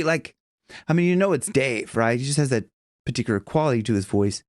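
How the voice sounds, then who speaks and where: A man teaching a casual singing lesson, chatting loosely and breaking into high sung examples and bits of vocal fry. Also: animated, fairly quick, no echo, studio quality. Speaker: vocal coach.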